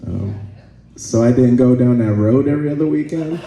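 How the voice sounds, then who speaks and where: A man doing a stand-up comedy set in a club, laid-back and halting, often pausing with "uh" and chuckling between lines. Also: medium pitch, echoey room, lo-fi sound, noisy background. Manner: laid-back, halting, with frequent "uh" and "let's see".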